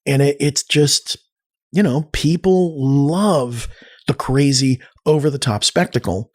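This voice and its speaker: A man speaking as a podcast guest, telling stories casually in an animated way, with frequent restarts and acted-out quotes. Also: on the high side, a little slow. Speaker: podcast guest, arts nonprofit cofounder. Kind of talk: casual conversational storytelling.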